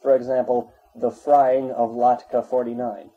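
A man reading an encyclopedia article aloud in a measured, even way. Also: mid-range voice, husky, highs cut off. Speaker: narrator.

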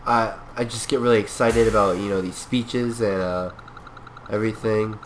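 A man's voice: lowish voice, fairly even intonation, moderate pace, slight background noise. A man giving goofy, rambling gameplay commentary, playing along in character with mock-serious speeches. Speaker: gameplay video creator.

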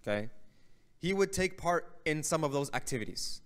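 In a mosque hall, a man gives a religious lecture, telling a story conversationally and frequently checking in with the audience with "right?". His voice is on the high side and expressive, at a moderate pace.

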